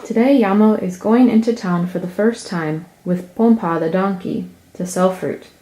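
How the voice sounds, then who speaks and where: A woman narrating a children's picture book. She reads in a soft, slow, deliberate way, clearly setting out each scene. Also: medium pitch. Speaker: storyteller. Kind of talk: picture-book read-aloud.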